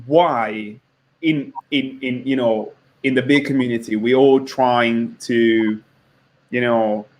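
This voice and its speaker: A man hosting a casual chat, pausing and searching for his words. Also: mid-range voice, fairly even intonation. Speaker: host. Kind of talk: casual video-call chat.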